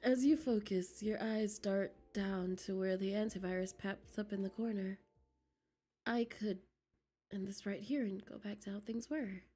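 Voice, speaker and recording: Slow-talking, giggly woman streamer. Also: mid-range voice, steady tone, dark tone, slightly rough, soft background music. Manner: giggly and flustered, drops to whispers while reading. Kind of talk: reading a game aloud with live reactions.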